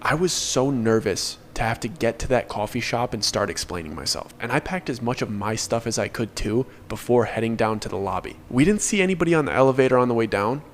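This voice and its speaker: A young man tells his own story in a relaxed, conversational voice at an ordinary pitch. He sounds earnest and caught up in the events he is recalling. A faint hiss sits under the recording. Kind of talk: first-person storytime narration.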